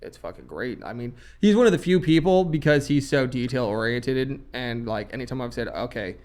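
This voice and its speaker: A man's voice: mid-range voice, expressive, fairly quick, a little mellow. A man who works as a recording engineer and producer, talking bluntly and emphatically in a casual podcast chat, swearing heavily.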